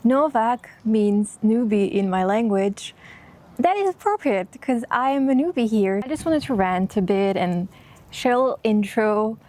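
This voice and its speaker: A woman's voice: mid-range voice, measured pace, a little mellow. A young woman from Croatia talking casually to camera in a vlog, chatty and self-deprecating, at times emotional. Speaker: vlogger. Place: outdoors in a hot town.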